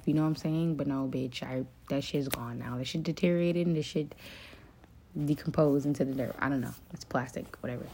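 A young woman with a notably low voice talks alone to her listeners in a raw, confessional ramble. She swears freely and leans on fillers like "like" and "um" as she vents. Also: steady tone, fairly quick, warm tone, slight background noise. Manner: profane, rambling, venting; frequent fillers like "like" and "um". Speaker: podcast host. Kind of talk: confessional solo monologue.

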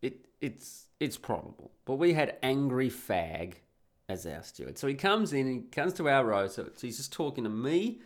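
A man's voice: medium pitch, sing-song, moderate pace. An adult man casually telling a rambling, profane travel anecdote, often laughing as he talks. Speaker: storyteller.

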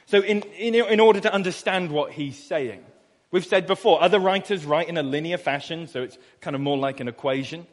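A man from Suffolk, England, preaching a sermon as pastor, reading scripture slowly and then explaining it in a chatty, anecdotal way. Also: on the high side, big-room sound. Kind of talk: expository sermon. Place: church hall.

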